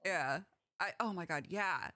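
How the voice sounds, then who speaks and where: A young woman hosting a casual podcast chat, animated and laughing often. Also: lowish voice, unhurried, no echo, studio quality. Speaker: podcast host.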